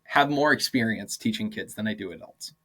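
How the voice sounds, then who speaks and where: A young man in his twenties chats as a podcast guest. He tells teaching stories in a lively, animated way, full of "like" fillers and quick laughs, and slips into quoted voices as he goes. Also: lowish voice. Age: 20s. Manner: animated, acts out quoted dialogue, many "like" fillers, laughs often. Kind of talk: casual interview storytelling.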